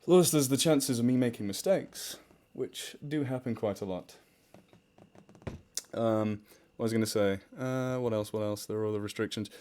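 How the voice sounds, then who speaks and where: A man's voice: medium pitch, moderate pace, mellow, clear, resonant tone. A British man with a mixed British-American accent, hosting a casual charity livestream from home. He chats, laughs often, pokes fun at himself and reads viewer comments aloud. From United Kingdom. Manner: chatty and self-deprecating, laughs often, reads chat aloud. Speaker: charity livestream host and story narrator. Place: home room with fish tank near the mic. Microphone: desktop microphone.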